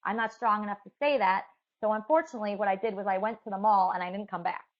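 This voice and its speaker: A woman talking candidly in an interview, halting with many fillers and restarts. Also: mid-range voice. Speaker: interviewee, musician. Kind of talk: emotional personal interview. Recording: dull lo-fi sound.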